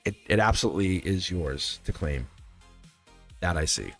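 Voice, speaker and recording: A man hosts a live tarot stream, his low voice lively and fairly bright at a moderate pace. He rambles loosely, keeps circling back to reassure and encourage viewers, and checks in with them again and again with "right?" while faint music plays underneath.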